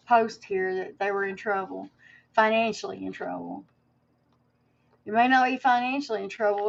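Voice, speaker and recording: A woman's voice: mid-range voice, creaky, dull audio. A woman livestreaming to her viewers in a casual, rambling way, with many fillers and restarts and some emotion.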